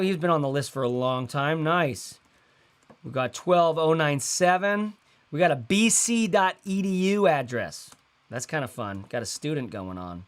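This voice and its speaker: A man's voice: on the high side, expressive, unhurried, clean tone. A man in his thirties hosting a casual livestream, talking in a loose, rambling way with lots of fillers and slang. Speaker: host.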